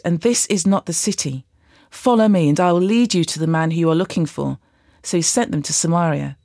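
A woman reading a Bible passage aloud in a measured way, lightly voicing the quoted speakers. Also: lowish voice, a little mellow, no echo, studio quality. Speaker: Bible reader. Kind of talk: scripted scripture reading.

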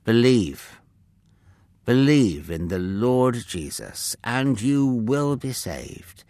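A man playing Paul, a calm, kind apostle. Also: medium pitch, extremely slow, dry recording, studio quality, exaggerated voice. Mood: gentle. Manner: steady, gentle and reassuring. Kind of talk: children's Bible storybook.

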